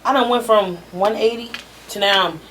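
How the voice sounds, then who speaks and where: A woman's voice: a little high, normal speed, a bit bright, slight background noise. A woman rapper speaking as a podcast guest, talking candidly and emotionally in a slangy, casual way and swearing freely.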